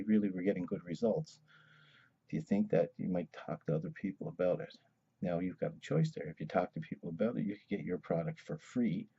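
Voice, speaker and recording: A man's voice: on the low side, creaky, dark tone, breathy edge, muffled recording. A man giving a casual sales training talk, asking questions as he goes. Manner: conversational, asks many questions.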